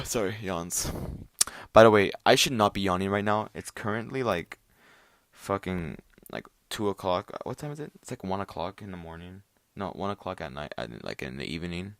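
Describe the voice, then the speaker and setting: Low-voiced young man rambling. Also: normal speed, no echo. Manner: profane, rambling, full of fillers and restarts. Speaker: vlogger. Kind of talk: rambling casual monologue. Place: at home late at night.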